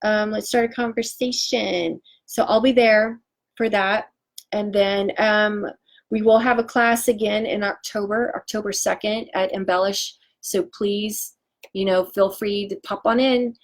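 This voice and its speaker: A woman in her forties selling essential oils on a live stream, talking in a chatty, excitable way with lots of fillers and restarts. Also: medium pitch, a little slow. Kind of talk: casual live-stream chat.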